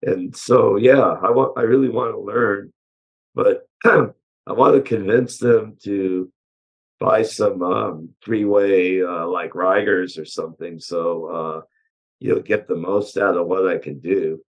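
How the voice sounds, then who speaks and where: A man with a hoarse voice from allergies, a chassis engineer guest answering interview questions in a relaxed way, with many pauses and "uh"s. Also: low voice, lo-fi sound. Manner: relaxed, hesitant with frequent "uh" and "um". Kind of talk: casual technical interview answers.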